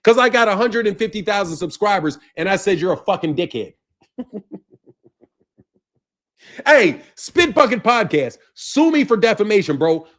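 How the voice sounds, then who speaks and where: A man's voice: high-pitched, very animated, moderate pace, long pauses, fairly bright tone. A man hosting his boxing channel, ranting in a profane, mocking way and laughing often. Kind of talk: ranting commentary.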